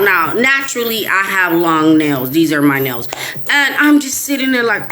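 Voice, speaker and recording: This host is a middle-aged woman from Chicago's West Side, speaking at a moderate pace in a medium pitch. Telling a story to a live audience, she keeps it casual and lively, laughing a lot and quoting people in different voices.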